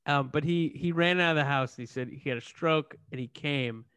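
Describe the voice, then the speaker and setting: A man's voice: a little high, brisk, a bit bright, clear, resonant tone, no echo. Rambling, crude male comedy host. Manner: rambling, crude, self-mocking. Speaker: podcast co-host reading a comedy script. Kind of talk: casual comedy chat.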